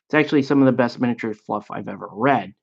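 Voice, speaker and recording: A man in casual conversation, talking at an ordinary middle pitch. He rambles, restarting sentences and leaning on fillers as he explains. The recording sounds slightly muffled and lo-fi. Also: fast, creaky. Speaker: miniature painting and gaming host. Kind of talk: casual chat.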